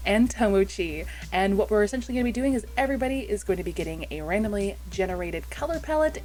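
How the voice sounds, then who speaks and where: A young woman hosts a casual art call, chatty and upbeat, with a lively voice that swings through its range. She sounds a little groggy from just waking up. Faint music plays underneath. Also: medium pitch. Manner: chatty, laughs often, upbeat. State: groggy morning voice. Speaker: host, VTuber artist. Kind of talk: casual chat on a group call.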